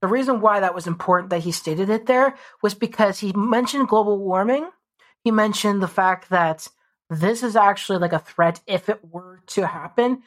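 A woman co-hosting a podcast chats casually and rambles, leaning heavily on "like" and other fillers. Her voice is medium-pitched and her pace moderate.

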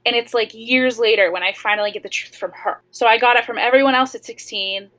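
A woman's voice: fairly high pitch, fairly quick, fairly bright tone, low-quality recording. A young adult woman, a podcast guest, telling a personal story in a candid way, with lots of "like" fillers.

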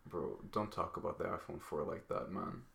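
A man's voice: low voice, moderate pace, creaky. A young man co-hosting a podcast in casual chat, swearing freely and telling stories with energy. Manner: animated storyteller, swears freely. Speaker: podcast co-host. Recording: echoey room.

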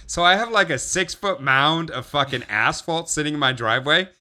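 A man's voice: fairly high pitch, moderate pace, few pauses. A young man on a casual podcast, telling a long rambling, swearing story. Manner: rambling, swearing, animated retelling. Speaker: podcast co-host.

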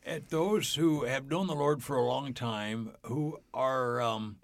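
Storytelling on a faith podcast, an older male guest enthusiastically acts out the dialogue in his tales. He speaks slowly in a medium pitch with vocal fry, on a dry recording.

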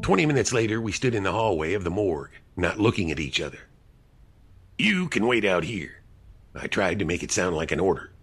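Deep-voiced man narrating a mystery. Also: lively intonation. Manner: dry, measured storytelling. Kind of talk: first-person audiobook narration. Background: music.

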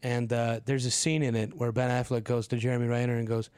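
A man's voice: medium pitch, flat delivery, fast talker, darkish tone, smooth, dry recording. A man co-hosting a podcast, telling rambling, jokey stories in casual banter. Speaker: podcast co-host.

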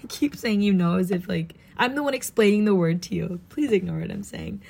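A woman's voice: medium pitch, animated, fairly quick, gravelly, darkish tone. A young American woman from Southern California, studying abroad and chatting casually in a bubbly, gushing way, saying "like" a lot and sounding tired and jet-lagged. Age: young adult. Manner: bubbly and gushing, heavy use of "like". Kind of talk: casual vlog chat.

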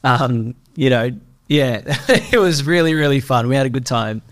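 Chatty man, smooth dry voice. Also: mid-range voice, normal speed, dry recording. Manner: chatty, animated, swears casually. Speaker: podcast host. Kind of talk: casual conversational storytelling.

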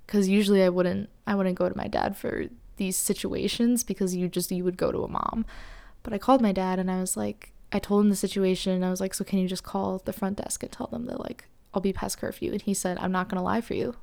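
Young woman telling a story on her podcast, gravelly, flat delivery, lots of "like", drops to whispers sometimes. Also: medium pitch, fairly quick. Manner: candid, breathy whispered asides, frequent "like" fillers. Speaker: podcast host. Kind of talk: personal storytelling.

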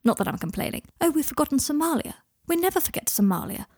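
A woman's voice: sits high, very animated, fast talker, darkish tone, no echo, studio quality, voice pushed up. Woman doing a teasing, mischievous young wizard. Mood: wry. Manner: light, mischievous, wry.

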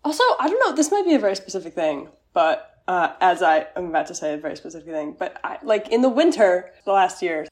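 A woman's voice: fairly low pitch, very animated, fast talker, few pauses, darkish tone. A young woman co-hosting a podcast over a video call, rambling and giggly in casual chat. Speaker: podcast co-host.

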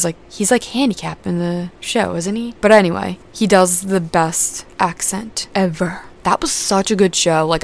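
A young adult woman hosting a podcast in casual chat, rambling with lots of fillers and casual swearing. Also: fairly low pitch. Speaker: podcast host.

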